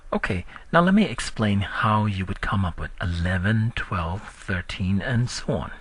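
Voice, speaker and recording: A man teaching a recorded language lesson, drilling words slowly and patiently. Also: husky. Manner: slow, patient drilling with lively pitch.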